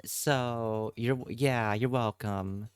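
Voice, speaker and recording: A man's voice: medium pitch, steady tone, takes it slowly, clean tone, no room sound. A man streaming live, chatting casually with his viewers, swearing freely and answering their messages.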